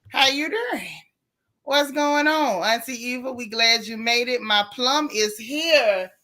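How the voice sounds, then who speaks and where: Lively, bright-voiced woman livestream host. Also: fairly high pitch. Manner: lively, greets viewers by name. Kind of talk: casual livestream chat.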